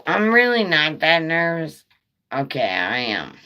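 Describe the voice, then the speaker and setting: Raspy-voiced woman chatting slowly. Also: low voice, big pitch swings, bright, forceful tone. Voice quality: raspy, smoker-like voice. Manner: nervous, rambling, profane. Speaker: live streamer. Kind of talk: casual live-stream chat.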